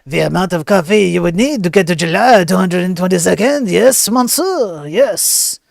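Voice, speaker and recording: A man voicing a weary, pompous male police officer in a comic mock-French accent, speaking slowly. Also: sits high, expressive, vocal fry, no echo, studio quality.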